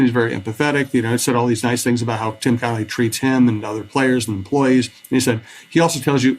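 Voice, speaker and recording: A man's voice: mid-range voice, fairly even intonation, low-quality recording. A man co-hosting a sports podcast, telling stories casually and steering the talk. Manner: quick, conversational storytelling. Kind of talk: casual chat.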